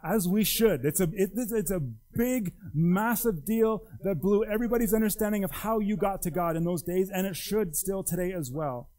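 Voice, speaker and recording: A man's voice: normal speed, hardly any pauses, darkish tone, rough recording. A man preaching a sermon in a conversational, emphatic way, his voice rising and dropping widely. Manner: conversational, emphatic, wide pitch swings. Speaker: pastor.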